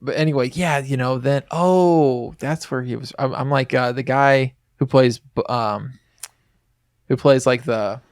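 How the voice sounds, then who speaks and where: A man's voice: medium pitch, measured pace, dry recording, clean studio sound. A man co-hosting a podcast, recapping a movie in rambling, crude, casual chat full of fillers and restarts. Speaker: podcast co-host.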